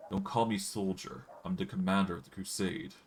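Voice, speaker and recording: A man's voice: deep voice, steady tone, moderate pace, recorded from a distance, a little hiss or hum, lightly acted. A man reading aloud the lines of a blunt, stern male commander in a fantasy game.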